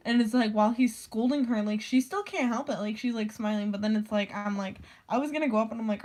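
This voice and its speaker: A teenage girl in high school, telling a rambling story about her teacher, full of "like" fillers, swearing and quoted voices. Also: moderate pace. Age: teens. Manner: rambling, heavy "like" filler, swearing, animated quoting. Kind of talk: casual storytime rant.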